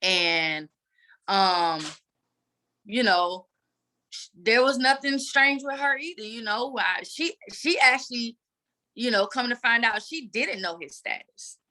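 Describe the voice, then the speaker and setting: Bright-voiced woman telling her story. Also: fairly high pitch, takes it slowly. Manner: earnest, animated retelling. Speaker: guest advocate. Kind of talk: candid personal storytelling.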